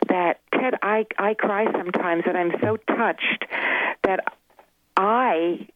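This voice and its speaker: A woman's voice: mid-range voice, takes it slowly, no echo. A woman on the phone, a guest speaking about talking with animals, rambling and earnest and often restarting her sentences. Her voice comes through a thin, tinny phone line. The sound is dry and close. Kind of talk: phone-in radio interview. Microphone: telephone.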